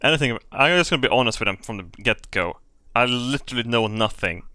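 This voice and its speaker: A man streaming a video game, chatting casually, loud and profane. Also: medium pitch, animated, fast, smooth, no room sound. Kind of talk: casual gameplay commentary.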